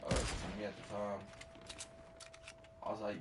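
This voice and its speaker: A man's voice: fairly low pitch, level tone, a little slow. A man streaming a game while telling a rambling, slangy, profane story in casual chat. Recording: distant mic with faint noise.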